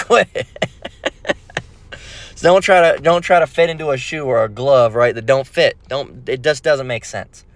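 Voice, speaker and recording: A man's voice: medium pitch, no echo. A man preaching in a casual rant, blunt and profane, full of fillers and restarts. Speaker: bible preacher.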